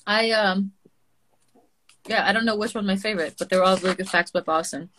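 A woman hosting a casual chat, upbeat with quick reactions. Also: medium pitch, fairly bright tone, slight background noise.

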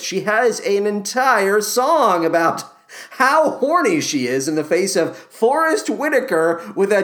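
A podcast host giving a sarcastic, animated comedic movie recap. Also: mid-range voice.

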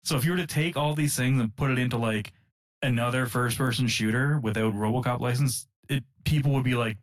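A man's voice: mid-range voice, fairly quick. Rambling man chatting about games. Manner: rambling, full of fillers and chuckles. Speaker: podcast co-host. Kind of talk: casual chat about video games.

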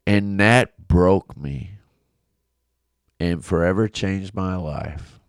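A middle-aged pastor with a very low, resonant voice tells a personal story on his devotional podcast. He talks slowly and earnestly, often restarting his sentences. The sound is dry and close, from his home studio. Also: dry recording. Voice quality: big coach's voice.

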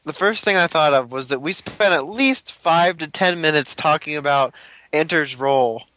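A man's voice: a little high, normal speed, bright, forceful tone, no room sound. A man in casual chat who throws in joking asides and laughs often. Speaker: podcast co-host.

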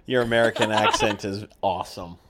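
A man's voice: fairly low pitch, fairly even intonation, fairly quick, a crowd in the background. A man hosting a podcast, asking questions in a joking, teasing casual chat. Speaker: podcast host.

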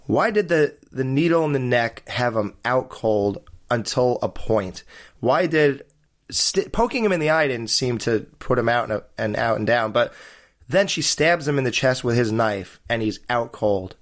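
This is a man co-hosting a casual movie podcast. His voice sits at an ordinary middle pitch. He walks through scenes in detail and poses pointed questions about them. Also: expressive, a little slow. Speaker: podcast co-host. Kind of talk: casual film review chat.

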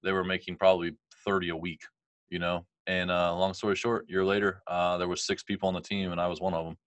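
Deep-voiced man telling his story. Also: little pitch movement, fast talker, a bit bright, dry recording, lo-fi sound. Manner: candid, rambling storyteller who laughs often. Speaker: guest. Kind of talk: telling a life story in an interview.

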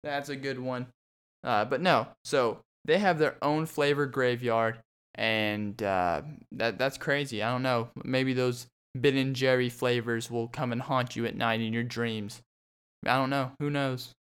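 In his solo podcast segment, a young host with a smooth, clear, middle-pitched voice that's a bit bright keeps a steady tone and an unhurried pace. He rambles and jokes freely, filling the talk with ums and frequent restarts.

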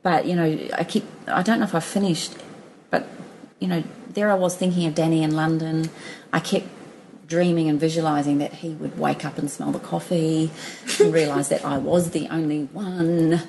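A middle-aged woman with a low, gravelly voice tells personal stories in a relaxed interview. She is chatty, laughs easily and restarts her sentences often. Faint background hiss sits under her voice. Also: moderate pace, low-quality recording. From Australia. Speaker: guest. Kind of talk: casual storytelling interview.

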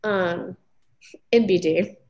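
A woman's voice: fairly low pitch, takes it slowly, a little mellow, slight background noise. A young woman co-hosting a podcast, a former teacher, chatting casually with lots of ums and likes and frequent giggles. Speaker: podcast co-host. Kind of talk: casual chat, retelling research.

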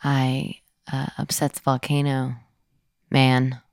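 A woman playing along as a guest, giving short, quiet replies in casual chat. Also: a bass voice, completely flat delivery, takes it slowly, no echo, clean studio sound.

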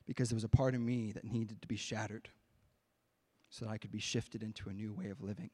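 A male pastor preaching a sermon, telling a personal story with strong emotion, swinging between hushed pleading and loud, intense passages. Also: lowish voice, steady tone, brisk.

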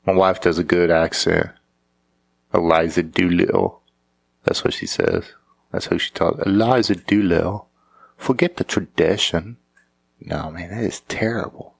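A man's voice: deep voice, lively intonation, measured pace, gravelly, breathy edge. A married man riffing in a casual, sarcastic, rambling monologue, often restarting his sentences. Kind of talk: casual comedic commentary.

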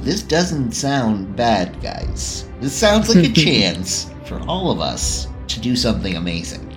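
A man's voice: mid-range voice, sing-song, slow pace, faint music behind. A man playing a comedic tabletop game, giggly and playful. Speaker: player.

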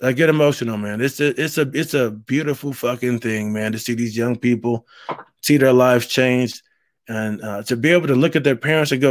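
A man's voice: medium pitch, a little fast, no echo, clean studio sound. Earnest rambling man hosting a podcast. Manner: earnest, rambling, heartfelt, peppers talk with "man". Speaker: podcast host. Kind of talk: casual solo podcast monologue.

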